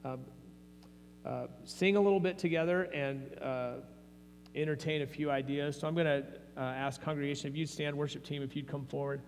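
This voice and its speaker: A man's voice: fairly high pitch, fairly even intonation, moderate pace. A man preaching a sermon as pastor, earnest and conversational, often restarting his phrases. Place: church sanctuary. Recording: long hall reverb, faint mains hum.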